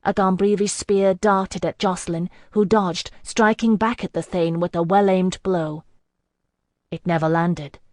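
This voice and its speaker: A woman narrates a fantasy novel in the first person, measured and even. Her voice sits on the low side for a woman. The sound is dry and close, as from a booth mic. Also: dry recording. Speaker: audiobook narrator. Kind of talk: scripted narration.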